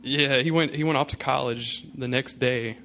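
A male pastor speaking at a middle pitch, loose and conversational, leaning on fillers as he tells a story. The telling has an easy, unhurried sermon feel. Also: fairly even intonation, pushed and bright, a faint crowd. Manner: casual storytelling, many fillers. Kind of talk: sermon with personal anecdote.

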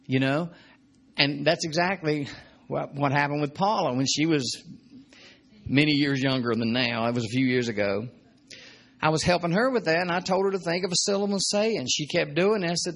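Man, preacher, sermon teaching, husky rough voice, slightly high, chatty, repeats himself. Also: a little fast, a bit bright. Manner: conversational, joking, repeats points.

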